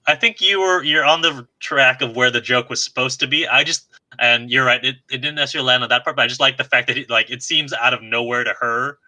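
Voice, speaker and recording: Podcast co-host, male, very bright tone, giggly and self-mocking. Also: mid-range voice, fairly even intonation, fast talker, poor audio. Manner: chatty, laughs often, self-deprecating. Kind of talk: casual podcast chat.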